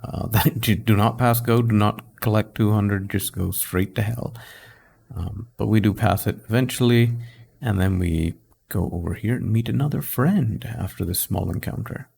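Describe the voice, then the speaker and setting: A man's voice: on the low side, normal speed, creaky, a little mellow, rough recording. A man hosting a let's play, mixing casual commentary with reading game text, in a wry, amused manner.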